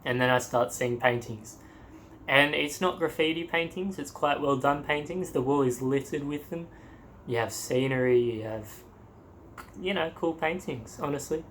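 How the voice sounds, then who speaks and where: Young Australian man, mid-pitch, casual animated storyteller, laughs a lot. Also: moderate pace, slight background noise. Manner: animated, acts out quotes, laughs often. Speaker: travel vlogger.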